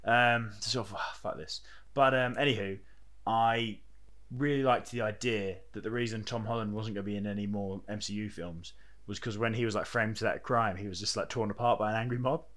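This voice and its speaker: A man's voice: lowish voice, steady tone, brisk, a bit bright. A man, chatting casually as a podcast co-host, rambling with lots of fillers and frequent swearing. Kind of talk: casual chat.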